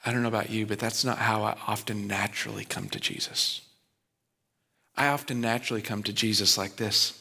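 A man's voice: fairly low pitch, animated, brisk, vocal fry, sharp tone, husky. A man pastor giving a sermon in an earnest, conversational, plainspoken way.

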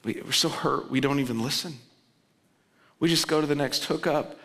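A man preaching in a church sanctuary, his voice bright and forceful and pitched a little high. He moves between loud, urgent pleading and low, quiet emphasis. The sound rings with the long reverb of a big hall. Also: moderate pace. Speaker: pastor. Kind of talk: sermon.

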